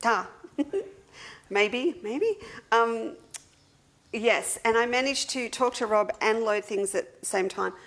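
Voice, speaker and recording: Chatty Australian woman with a gravelly voice. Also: a little high, lively intonation, takes it slowly, pauses often, a bit bright. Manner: chatty, greets viewers one by one by name. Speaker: quilting shop owner hosting a livestream. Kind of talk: casual livestream chat. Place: seated at a table indoors.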